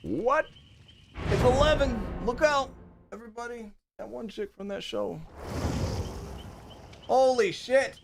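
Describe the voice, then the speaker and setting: A man livestreaming a game, chatting casually with excitable, profane, rambling banter and yelling at teammates. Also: very high voice, a little slow, vocal fry, long pauses, background noise. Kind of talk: live gameplay commentary.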